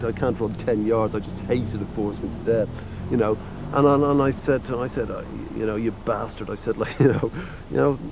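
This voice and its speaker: An Irish man in his forties, speaking at an ordinary mid pitch, rambles through a casual interview. He is blunt and profane and fills every gap with "you know". A faint hiss sits under his voice. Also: a little mellow, low-quality recording. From Ireland. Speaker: interviewee, musician.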